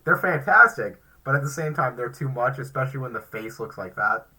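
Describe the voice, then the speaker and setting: A man's voice: medium pitch, lively intonation, brisk, pushed and bright, breathy edge, poor audio. A man co-hosting a casual chat show, giving blunt, dry-humored opinions. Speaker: podcast co-host. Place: home recording, live stream.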